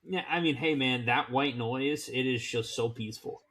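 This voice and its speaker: 20-something guy on a podcast, crisp bright voice, laid back, cracks jokes. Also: medium pitch, normal speed. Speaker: podcast co-host. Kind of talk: casual chat.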